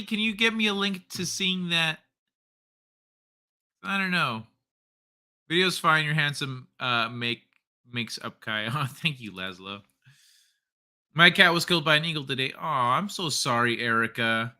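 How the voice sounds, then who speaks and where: Male streamer host with a very bright voice, relaxed and foul-mouthed late-night chat. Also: medium pitch, slow, pauses often. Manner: loose and profane, reading chat aloud.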